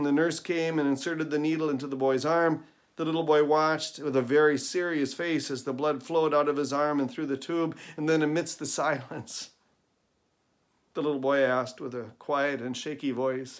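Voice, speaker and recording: A man's voice: fairly high pitch, fairly even intonation, moderate pace. A man, a pastor, giving an earnest, emphatic sermon with repeated phrases in a recorded devotional video. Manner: earnest, emphatic preaching with repetition.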